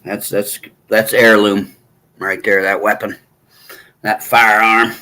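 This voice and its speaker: A middle-aged man chatting casually with viewers from a hotel room, rambling and halting, often clearing his throat. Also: lowish voice, little pitch movement, bright, forceful tone, rough recording. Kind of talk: casual chat.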